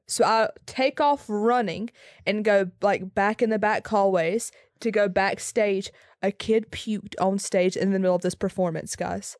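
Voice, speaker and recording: A young woman, a podcast co-host, tells her story with a slightly raspy, hoarse edge and quick, animated asides. Her pitch sits mid-range for a woman. The sound is close and dry, with no room echo. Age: young adult. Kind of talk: casual storytelling chat.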